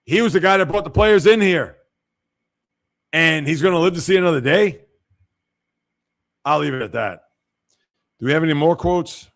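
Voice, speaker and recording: Gravelly, blunt sports livestream host. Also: male voice, fairly high pitch, expressive, a little slow, long pauses. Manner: blunt, opinionated, reacts to chat. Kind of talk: casual livestream commentary.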